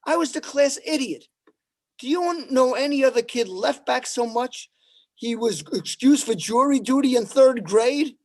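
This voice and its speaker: A man doing stand-up one-liners at an open mic, with a deadpan delivery and pauses before each punchline. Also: very high voice. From New York.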